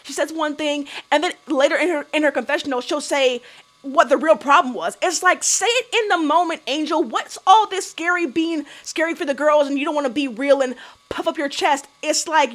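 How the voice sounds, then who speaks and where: A young woman with a high-pitched voice talks through a reality show episode in a casual, opinionated way. She is blunt and sassy, swears freely and keeps tossing out rhetorical questions. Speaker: reality TV recap vlogger.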